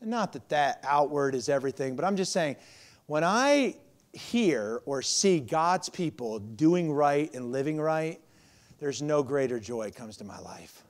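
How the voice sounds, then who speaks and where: A man in his forties preaching a sermon as pastor, swinging from loud emphasis to quiet, confiding asides. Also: on the high side, lively intonation, unhurried.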